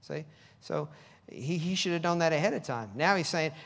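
A man preaching a lively sermon. His voice sits high and jumps widely in pitch. It rings out in a hall with a long echo. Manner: animated, reads scripture slowly, mocks with high voices.

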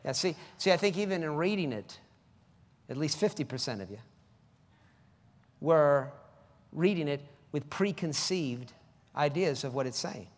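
A man preaching a sermon, reading scripture slowly and mimicking people in high voices. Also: lively intonation, long reverb tail.

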